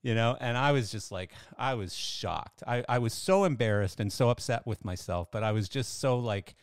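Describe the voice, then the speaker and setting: A man's voice: mid-range voice, normal speed, clean tone, dry recording, studio quality. An older man hosting a podcast, telling stories in a chatty, enthusiastic way with lots of fillers. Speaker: podcast host. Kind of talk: casual podcast monologue.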